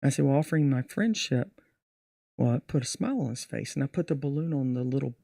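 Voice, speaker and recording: A man's voice: mid-range voice, rapid-fire, gravelly, slightly rough, dry recording, studio quality. A middle-aged man, a magician, telling stories from his show in a casual podcast interview. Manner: animated storyteller acting out his show. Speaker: magician guest.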